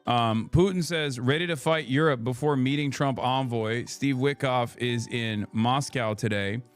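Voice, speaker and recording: A man's voice: medium pitch, measured pace, faint music behind. A young man hosting a live political stream, casual and sarcastic, swearing often.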